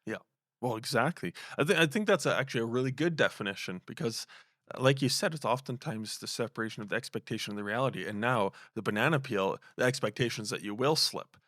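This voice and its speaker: A man's voice: mid-range voice, expressive, fast talker, a bit bright, no room sound, studio quality. A man hosting a casual podcast interview, asking long, winding questions and affirming his guest. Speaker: podcast host.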